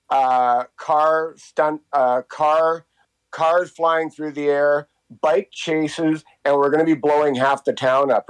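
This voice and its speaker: A man's voice: medium pitch, low-quality recording. A man in his fifties tells stories casually in an interview, rambling with many fillers and restarts. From Canada. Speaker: interviewee, walking tour guide. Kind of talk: casual storytelling.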